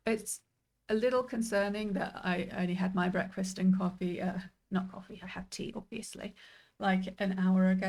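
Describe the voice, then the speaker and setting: A woman's voice: medium pitch, darkish tone. Chatty woman rambling while streaming a game. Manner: rambling, chatty, self-deprecating. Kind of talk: casual gameplay commentary.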